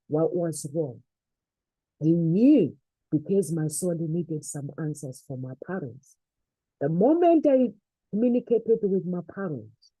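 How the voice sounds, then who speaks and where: A woman's voice: lowish voice, dark tone, husky, no room sound, rough recording. A woman giving an earnest, faith-based motivational talk, repeating phrases for emphasis. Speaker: motivational speaker.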